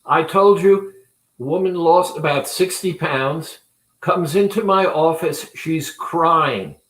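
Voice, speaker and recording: A man who runs a weight-loss clinic, talking earnestly and deliberately to viewers in a promotional talk. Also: on the high side, a bit bright. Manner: deliberate, earnest, speaks with pauses. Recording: roomy echo.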